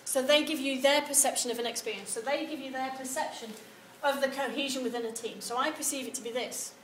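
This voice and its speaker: A woman giving a university lecture, animated and acting out example replies. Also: high voice, fast. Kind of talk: lecture on research methods. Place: lecture hall. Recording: echoey lecture room with some background noise.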